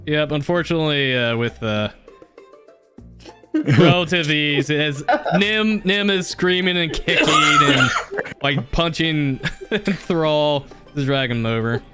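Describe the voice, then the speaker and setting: A man narrating as game master of a tabletop game, relaxed and full of fillers. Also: on the high side, measured pace, music in the background.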